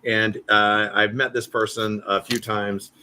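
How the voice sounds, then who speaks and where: Man, bright forceful voice, animated storyteller, playful, casual live chat. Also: lowish voice, measured pace, slight background noise. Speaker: show regular and guest voice actor.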